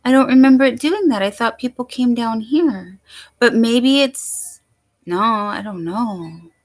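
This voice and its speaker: A rambling, chatty woman hosting a casual livestream from home. Her voice sits a bit high and she talks slowly, drifting from thought to thought as she greets viewers by name. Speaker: livestream host. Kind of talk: casual late-night livestream chat.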